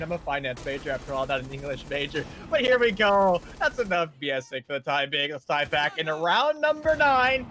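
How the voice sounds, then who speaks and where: Young male shoutcaster, high and bright tone, lively joking play-by-play. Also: a little hiss or hum. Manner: energetic, joking. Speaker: esports caster. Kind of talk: live play-by-play commentary.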